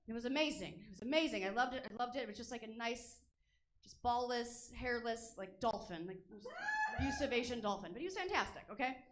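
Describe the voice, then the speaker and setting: A woman works a comedy theater stage with a raunchy stand-up set. Her voice sits a little high as she rattles off crude, self-deprecating jokes in a brash, offhand way. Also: lively intonation, a little fast, noisy background.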